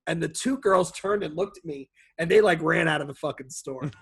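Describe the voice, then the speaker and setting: A man in his forties, co-hosting a podcast, telling stories in a lively, profane, laughing way. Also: fairly high pitch, a little fast, vocal fry, husky. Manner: animated storyteller, laughs often, profane. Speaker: podcast co-host. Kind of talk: casual chat.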